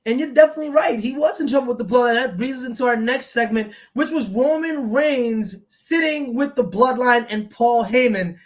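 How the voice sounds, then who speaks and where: A woman's voice: a little high, moderate pace, few pauses. A woman co-hosting a wrestling review show, chatting casually and acting out quotes as she retells scenes. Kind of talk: casual chat.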